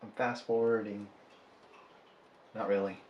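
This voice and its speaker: A man's voice: lowish voice, flat delivery, unhurried, muffled recording, slight background noise. A man, a polymer clay artist chatting casually and joking about himself while he sculpts. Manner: rambling, joking, self-deprecating. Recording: echoey room, faint ambience.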